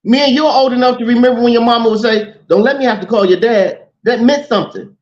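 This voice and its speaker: High-voiced man on a dull mic. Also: quick pace. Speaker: podcast co-host. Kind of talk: casual chat.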